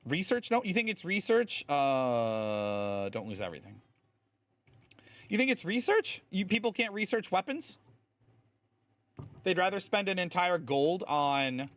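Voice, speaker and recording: A man's voice: sits high, a bit bright, no room sound. Guy streaming a game, talking loose and chatty, voice goes up and down a lot, dry sound. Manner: chatty and explanatory, full of fillers. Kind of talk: casual live-stream commentary.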